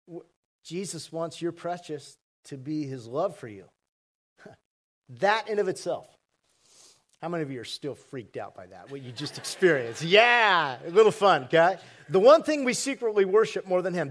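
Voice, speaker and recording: A pastor preaching a sermon to a congregation, conversational and asking the audience questions. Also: male voice, sits high. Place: church hall with congregation. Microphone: handheld mic.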